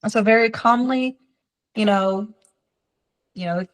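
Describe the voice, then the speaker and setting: A woman's voice: mid-range voice, measured pace, poor audio. A woman behavior specialist teaching through stories from her work, acting out the lines she quotes.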